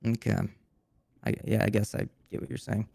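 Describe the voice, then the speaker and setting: A man's voice: lowish voice, monotone, normal speed, creaky, dark tone, no room sound. A man playing a mock investor judge, stammering and thinking aloud in casual banter.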